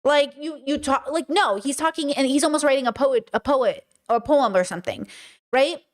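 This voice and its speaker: A woman hosting a stream, giving casual commentary in an emphatic, animated way and repeating her points. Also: high voice, normal speed. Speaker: streamer and podcast host.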